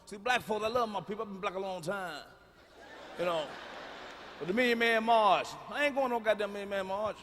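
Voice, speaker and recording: Loud, profane man doing stand-up in a hall. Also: high voice, a little fast. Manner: loud, profane, hollering bursts. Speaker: stand-up comedian. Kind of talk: stand-up comedy set. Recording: live hall reverb with faint room noise.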